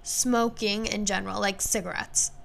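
A woman's voice: mid-range voice, level tone, moderate pace, creaky, fairly bright tone. A woman in her thirties, a podcast co-host, chatting casually and hesitantly, trailing off and searching for words. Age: 30s. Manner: hesitant, trails off, many fillers. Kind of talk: casual chat.

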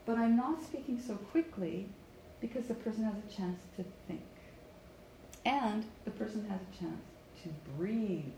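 Canadian pronunciation coach drilling phrases. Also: female voice, medium pitch, unhurried, vocal fry, dark tone, a little hiss or hum. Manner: stresses words and repeats phrases for students to echo. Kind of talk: live online pronunciation lesson.

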